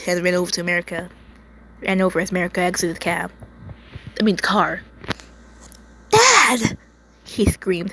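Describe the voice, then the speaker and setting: A woman's voice: on the low side, slight background noise. A young woman casually reading a story aloud at home, often stumbling over words, laughing and adding side comments. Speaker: reader of fan fiction. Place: home, indoors.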